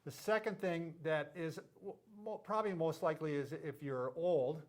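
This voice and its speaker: A man's voice: on the high side, moderate pace. A middle-aged man who is a physical therapist, hosting a casual, joking explainer and tripping over medical terms. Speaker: physical therapist, show host.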